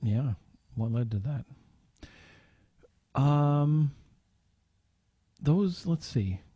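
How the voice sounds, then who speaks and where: A man's voice: on the high side, expressive, very slow, dark tone, slightly rough, no echo, studio quality. A man co-hosting a podcast, speaking hesitantly and searching for words with many ums in casual conversation. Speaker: podcast co-host.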